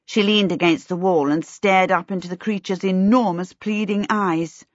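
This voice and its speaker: Brief: woman audiobook narrator, measured and expressive, dry booth sound. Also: on the low side, no echo. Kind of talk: scripted storybook narration. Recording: dry, slightly dull recording.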